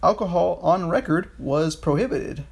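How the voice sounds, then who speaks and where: A man's voice: high voice, expressive, moderate pace, vocal fry, a little mellow, slightly rough. A man co-hosting a podcast, chatting casually about history, rambling with frequent restarts and swearing. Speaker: podcast co-host.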